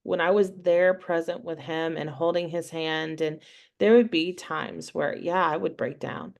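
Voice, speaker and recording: A woman's voice: low voice, steady tone, measured pace, vocal fry. A woman speaking as an interview guest over a video call, heartfelt and peppered with "like" and "you know". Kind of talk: casual interview chat.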